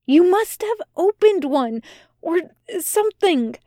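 A woman's voice: extremely high pitch, expressive, slow, dark tone, dry recording, studio quality, voice pushed up, exaggerated voice. A woman voicing an agitated, suspicious male angel who demands answers in a near hiss. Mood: angry.

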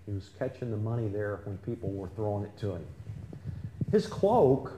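A man's voice: lowish voice, big pitch swings, normal speed, mellow, a little hiss or hum. A man preaching a sermon in a conversational way, often asking the congregation questions. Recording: echoey room with faint ambience.

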